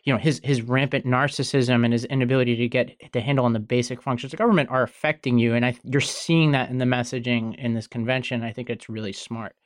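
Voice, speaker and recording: A man hosting a political podcast, introducing segments and analyzing politics in a brisk, conversational way. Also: medium pitch, fairly even intonation, no echo. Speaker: podcast host. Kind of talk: casual political commentary.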